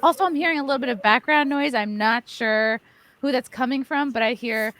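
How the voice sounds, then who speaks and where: A woman hosts a loose, casual group chat, her voice sitting a little high. She tells stories in an animated, jokey way and keeps the talk moving over a video call. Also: fairly quick, no echo. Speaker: podcast host.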